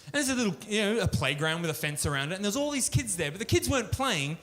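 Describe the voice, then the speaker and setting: A man's voice: high-pitched, big pitch swings, fast, a bit bright. A man doing a crude, ranting stand-up routine at a pub show, swearing freely. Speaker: stand-up comedian. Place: pub stage, live show.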